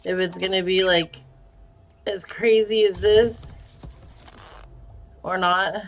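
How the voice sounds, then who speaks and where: A woman's voice: medium pitch, steady tone, takes it slowly. A woman live-streaming a giveaway, chatting casually with viewers and reading out their names. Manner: chatty, reads viewer names and answers chat.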